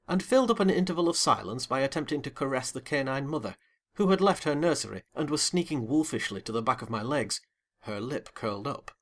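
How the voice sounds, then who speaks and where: A man reading a classic novel aloud as an audiobook, with a lively, dramatic first-person delivery. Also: mid-range voice. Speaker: audiobook narrator. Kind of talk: expressive audiobook narration.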